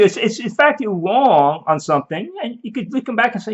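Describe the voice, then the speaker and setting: This man talks briskly with few pauses, his high-pitched voice very animated. He delivers rambling, emphatic commentary for a video, repeating himself, restarting, and mock-quoting those he argues with, all on dull lo-fi audio.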